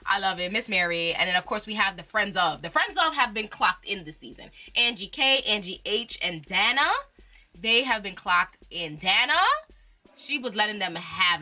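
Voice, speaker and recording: A woman's voice: mid-range voice, sharp tone. A woman hosting her own channel, reviewing reality TV in a chatty, slangy way and laughing often. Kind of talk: casual chat.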